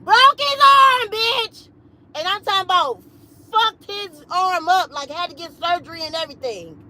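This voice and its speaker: A woman in her late thirties telling a story on a livestream in an animated, emphatic, foul-mouthed way. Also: extremely high pitch, moderate pace, a little hiss or hum, rough recording. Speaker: livestream host.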